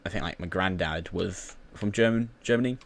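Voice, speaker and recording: A man's voice: sits low, moderate pace. A British man who is a YouTuber, rambling through casual gaming commentary full of fillers and restarts.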